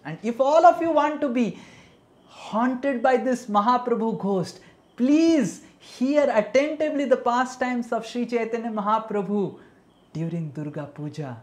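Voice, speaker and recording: A man telling a devotional story as a sermon, animated and dramatic, dropping to soft asides. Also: very high voice, a little slow, slight background noise. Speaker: preacher.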